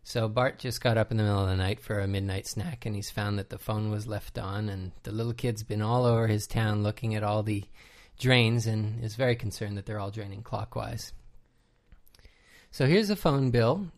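A man's voice: on the low side, moderate pace. A man co-hosting a casual podcast, explaining trivia in detail with frequent hesitations. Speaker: podcast co-host. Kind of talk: casual commentary chat.

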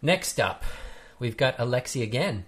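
A man's voice: mid-range voice, big pitch swings, normal speed, fairly bright tone, husky. Dry-witted Australian man reading mail. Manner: dry wit. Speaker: podcast co-host.

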